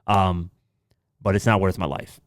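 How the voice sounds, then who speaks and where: A low-pitched man talks through the day's news on his podcast. He reads the headlines, then slips into loose, casual commentary with offhand asides and the odd curse. The sound is dry and close, with no room around it. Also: flat delivery, measured pace, no room sound. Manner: swears casually. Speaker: podcast host.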